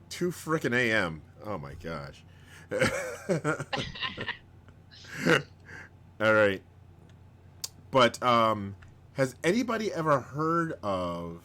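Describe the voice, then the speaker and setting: A man hosting a live stream in casual chat, rambling, chuckling often and bursting into excited outbursts. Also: medium pitch, very slow, pauses often. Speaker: host of a live-streamed show.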